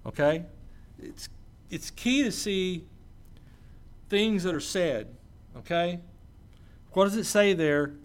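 Male preacher, a touch high-pitched, reads scripture and talks it through in a casual way. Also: expressive, takes it slowly, long pauses. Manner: conversational asides, checks in with listeners. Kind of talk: sermon with scripture reading.

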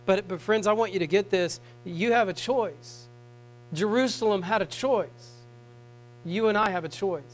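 Preaching at a normal speed, this man with a high voice moves from soft, tender passages to loud, pleading appeals. A faint mains hum runs through the low-quality recording.

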